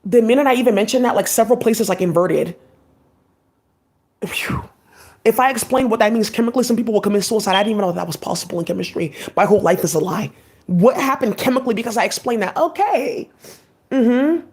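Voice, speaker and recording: Fast-talking agitated woman ranting. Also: fairly high pitch, expressive, a little mellow. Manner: agitated, profane, rambling. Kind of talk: rambling monologue vlog.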